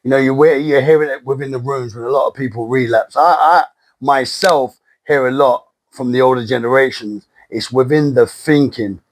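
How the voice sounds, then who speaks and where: A man of average pitch in a casual podcast chat about recovery. He speaks earnestly and supportively, drawing his co-host out with questions and small prompts. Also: moderate pace. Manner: earnest, encouraging, leads the questions.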